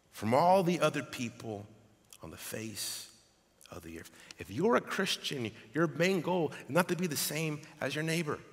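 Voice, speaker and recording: Preaching man in a reverberant church. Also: on the high side. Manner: animated preaching, reading scripture aloud. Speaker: pastor. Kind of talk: sermon. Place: church sanctuary. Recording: long hall reverb.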